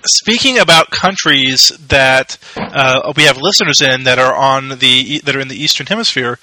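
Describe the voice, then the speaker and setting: A man co-hosting a podcast in casual chat, talking in quick runs with fillers and restarts. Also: mid-range voice, sharp tone, a little hiss or hum, rough recording. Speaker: podcast co-host.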